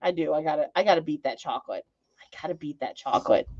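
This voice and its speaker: A woman live streamer chats casually with viewers and reads their comments, rambling, joking and laughing often. Her voice sits low, animated and quick, and the sound is dull and lo-fi.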